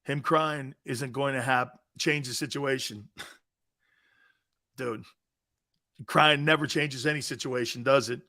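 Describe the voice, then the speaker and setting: A man hosting a sports talk show, brash and loud, laughing a lot, swearing and answering chat comments. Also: medium pitch, steady tone, takes it slowly, pauses often. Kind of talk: casual sports radio chat.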